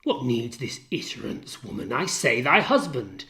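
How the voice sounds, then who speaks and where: A man reading the part of a tormented, jealous general, declaiming verse and swinging between hushed and loud lines. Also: medium pitch, very animated, normal speed. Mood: accusing. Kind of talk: dramatic reading of a play.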